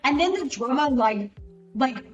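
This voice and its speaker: A young woman with a fairly high voice talks off the cuff while studying, animated and full of swearing and quick tangents. She sits a little back from the mic, and soft music plays under her voice. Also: recorded from a distance, muffled recording. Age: young adult. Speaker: student streamer. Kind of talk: casual chat while studying. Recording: voice a bit off mic, with music behind.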